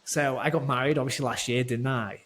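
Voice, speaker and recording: A man's voice: mid-range voice, steady tone, fairly quick, fairly bright tone. A man talking as a guest online coach in a casual podcast chat, rambling with lots of fillers and restarts and swearing freely.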